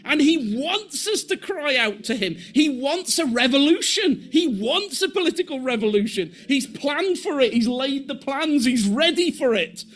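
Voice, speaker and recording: Male preacher, high voice that swings widely, animated, acts out voices, restarts phrases. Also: normal speed, hardly any pauses. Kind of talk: sermon.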